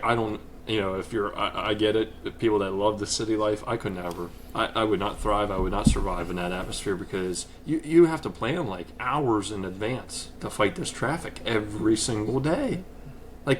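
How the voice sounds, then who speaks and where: A man's voice: fairly low pitch, a little hiss or hum. A man hosting a casual podcast, easygoing and chatty, laughing along and telling long rambling stories. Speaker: podcast host.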